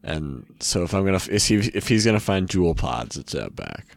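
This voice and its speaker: A man's voice: low voice, very animated, brisk, creaky, dry recording. A young man playing a tabletop role-playing game, speaking hesitantly with fillers and laughing asides. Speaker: player.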